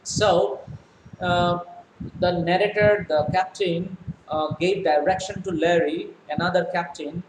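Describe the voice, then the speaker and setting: A man's voice: sits high, fairly even intonation, measured pace. A male teacher reading a story aloud and explaining it line by line, with many fillers. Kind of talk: explaining a textbook lesson. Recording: echoey room, faint noise.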